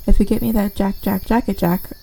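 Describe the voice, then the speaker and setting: A chatty, folksy old man who has been stuck up a tree for years rambles on in a mellow, warm voice while spinning odd tales. A woman reads the part aloud during a game playthrough, in close to her own voice. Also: mid-range voice, steady tone, a little fast, vocal fry, low-quality recording. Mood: rambling. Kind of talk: reading game dialogue aloud.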